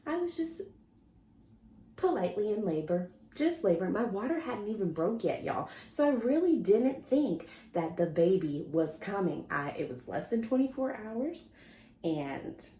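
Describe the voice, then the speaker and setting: A woman vlogger with a mid-range voice talks a little slowly, chatting casually to the camera in an echoey room. Animated and chatty, she narrates a story and acts out people's words.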